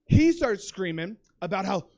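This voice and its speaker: A young man's stand-up set at a comedy club features a profane, animated story and sudden shouted impressions, delivered in a high voice at normal speed.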